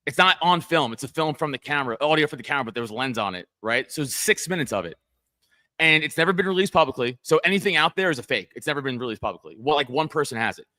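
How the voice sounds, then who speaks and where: Fast, bright-voiced male podcast host. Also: on the high side, dry recording, clean studio sound. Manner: animated, profane, tells stories with quoted voices. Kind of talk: casual podcast chat.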